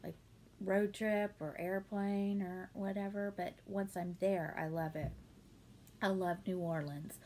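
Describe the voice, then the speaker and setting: A woman's voice: mid-range voice, little pitch movement, unhurried. A woman, chatting casually at home as she answers viewer questions, with lots of ums and small laughs. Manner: chatty, warm-hearted, many ums and laughs. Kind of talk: casual Q&A chat.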